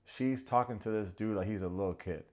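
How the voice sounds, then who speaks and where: A man hosting a comedic reality-show recap, snarky and animated, prone to ranting. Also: on the low side, a little fast.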